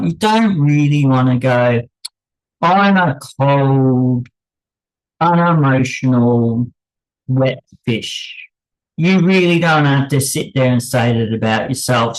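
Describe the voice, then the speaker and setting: Male channel host, unscripted commentary; unhurried, halting, wryly apologetic. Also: medium pitch, rough recording. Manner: halting, pausing, with many restarts; wry and apologetic asides.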